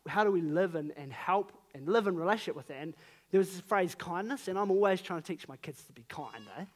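A man in his thirties with a New Zealand accent, preaching a sermon in an earnest, conversational way with emphatic rises on key phrases. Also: fairly high pitch.

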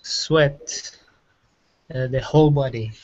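A man's voice: mid-range voice, slow pace, a little mellow. Hesitant man learning English. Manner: hesitant, full of fillers and restarts. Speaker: language student. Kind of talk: online language lesson. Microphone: video call. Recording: dull lo-fi online call audio.

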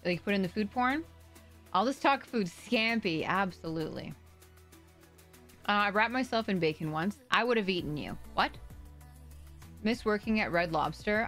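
A woman's voice: fairly low pitch, a bit bright. A woman livestream host chatting casually with viewers, bubbly and rambling as she reads chat aloud.

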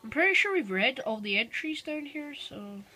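A woman giving casual let's-play commentary, reading the on-screen text aloud and reacting quickly. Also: sits high, lively intonation, bright, forceful tone, rough recording. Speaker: gamer. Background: game music.

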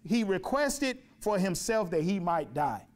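A man's voice: high-pitched, very animated, a little slow. A man preaching a sermon in a church, emphatic, repeating phrases and asking rhetorical questions. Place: church sanctuary.

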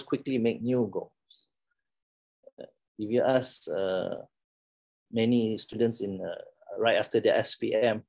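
A man's voice: mid-range voice, gravelly, darkish tone. A middle-aged man with a Malaysian English accent, giving a playful, teasing classroom talk and laughing often. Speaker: lecturer.

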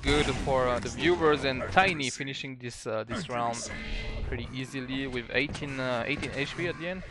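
A man with a French accent commentating a live match. He talks haltingly, with many fillers and restarts. Loud game music plays behind his voice. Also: mid-range voice. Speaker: esports caster.

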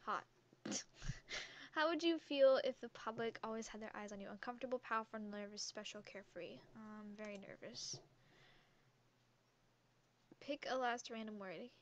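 With frequent pauses and a normal pace, a teen YouTuber in gaming chats casually, giggling as she reads quiz questions aloud and answers them. Her highish voice, captured by a headset mic hung around her neck, carries a little hiss or hum.

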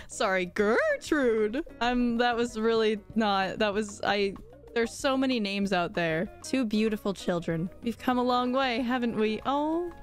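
A woman giving casual, excitable and self-mocking commentary while playing a farming game. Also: on the high side, measured pace, soft background music. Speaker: let's play gamer.

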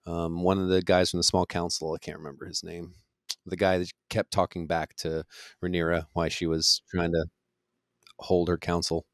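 A man's voice: low-pitched, little pitch movement, normal speed, no room sound, clean studio sound. An easygoing man in a casual TV review chat who agrees readily and says "you know" a lot.

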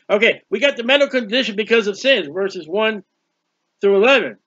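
A man's voice: sits high, normal speed, no echo, dull audio. A man preaching a sermon, reading scripture aloud and explaining it, drawing out words for emphasis. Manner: expressive Bible reading with commentary, stretches words.

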